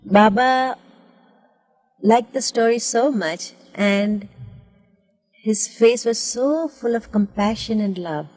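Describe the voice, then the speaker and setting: An older woman, interviewed, slowly recounting stories in a devout storytelling manner. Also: a little high, darkish tone, soft background music. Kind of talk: recollecting in an interview. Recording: 1970s film interview with reverb.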